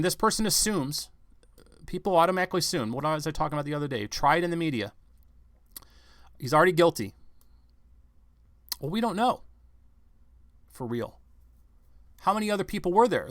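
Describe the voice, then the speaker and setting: A man with a fairly high voice delivers edgy, conspiratorial news commentary. He rambles and keeps firing rhetorical questions. The sound is close and dry. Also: expressive, a little fast, long pauses, a bit bright, dry recording. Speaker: vlog commentator.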